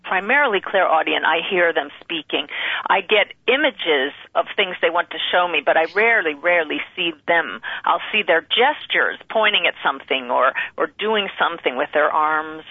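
A guest answers interview questions calmly and with assurance, in a mid-pitched voice. The sound is thin and tinny, like a phone call, and dry. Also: moderate pace, no room sound. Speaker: guest medium. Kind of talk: conversational interview.

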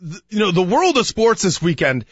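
A man hosting a sports talk radio show, telling a rambling story in a casual way and getting animated when he retells it. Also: high voice, normal speed, slightly rough, no room sound, dull audio. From Chicago. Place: radio studio.

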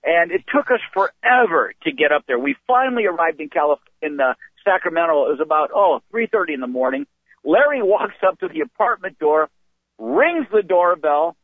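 Older male comic guest, rambling storyteller, slightly high voice, on a tinny phone line. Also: a little fast, dry recording. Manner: rambling, animated storytelling with restarts. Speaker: comedian guest. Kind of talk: anecdotal storytelling. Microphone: phone call.

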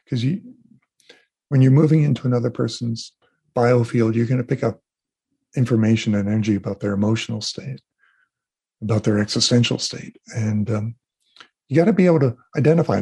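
A man being interviewed as an energy healer, telling animated stories and acting out what people said. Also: medium pitch, gravelly, husky. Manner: animated storyteller, acts out quotes. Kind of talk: casual interview talk.

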